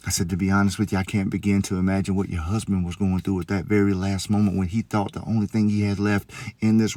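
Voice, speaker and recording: A man with a fairly low voice tells a story as a police officer. His delivery is sincere and encouraging. The sound is close and dry. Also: warm tone, dry recording. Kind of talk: heartfelt storytelling monologue.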